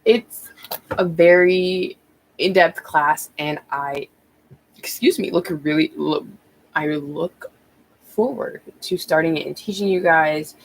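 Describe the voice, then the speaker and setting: A woman's voice: deep voice, creaky, slight background noise, poor audio. A woman tarot reader talking casually on a live stream, rambling with many ums and restarts, a bit out of breath.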